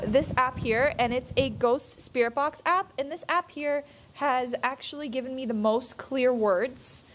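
Ghost-hunting vlogger, woman, high bright voice, asks spirits questions slowly, faint hiss behind. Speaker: paranormal investigator. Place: in a tower at night.

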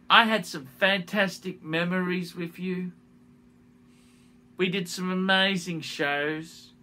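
A high, very bright male voice speaks slowly in a halting, heartfelt apology to camera. He repeats himself and restarts phrases as he speaks. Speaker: YouTuber making an apology video. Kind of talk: emotional direct-to-camera apology.

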